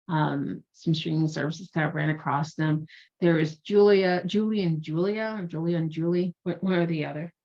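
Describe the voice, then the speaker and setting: A woman career coach talking casually and at length, chatty and digressive, often correcting herself. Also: lowish voice. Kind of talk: casual explanatory talk. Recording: dull lo-fi sound.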